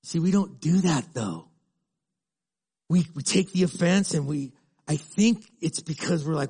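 A man's voice: fairly high pitch, expressive, unhurried, creaky, a little mellow, slightly rough. A middle-aged male pastor preaching a sermon in a conversational way, acting out little dialogues.

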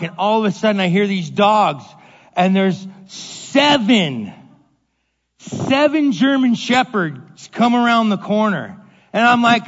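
A middle-aged male pastor giving a casual, storytelling sermon, animated and self-deprecating, acting out the voices in his stories. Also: sits high. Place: church sanctuary. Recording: dull echoey hall recording.

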